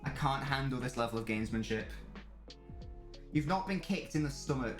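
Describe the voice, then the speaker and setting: A man's voice: medium pitch, expressive, normal speed, faint music behind. Man ranting over a live match. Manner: angry ranting, heavy swearing. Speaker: streamer. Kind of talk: live match watch-along commentary. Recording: echoey room.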